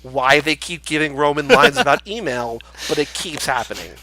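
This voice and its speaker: A young man co-hosting a casual movie podcast, talking animatedly and acting out lines from the film. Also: fairly high pitch. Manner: animated, acts out movie lines in quick bursts. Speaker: podcast co-host.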